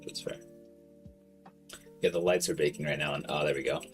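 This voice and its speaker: A man's voice: very deep voice, steady tone, brisk, faint music behind. A man chatting casually on a livestream, rambling in a slangy, loose way and swearing freely. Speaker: streamer.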